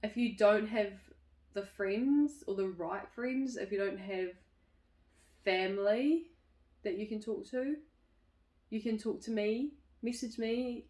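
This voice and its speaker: A woman speaks candidly to her audience as the host of a community chat series, laughing often and restarting her thoughts as she goes. Her voice sits at a middle pitch. The room around her is echoey. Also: slow, a little mellow. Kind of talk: personal reflective talk to camera.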